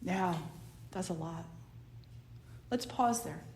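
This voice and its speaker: A woman spiritual teacher with a New Jersey accent giving a conversational, soft-spoken talk to a small circle, now and then acting out the ego in quoted asides. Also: lowish voice, takes it slowly, creaky, a little hiss or hum. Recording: roomy echo.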